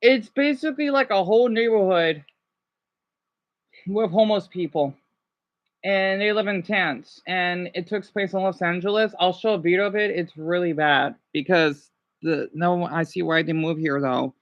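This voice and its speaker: A man's voice: high-pitched, normal speed. A man in his thirties rambling through casual vlog commentary while riding in a vehicle. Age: 30s. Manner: rambling, chatty, self-correcting. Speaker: vlogger. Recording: dull, lo-fi recording.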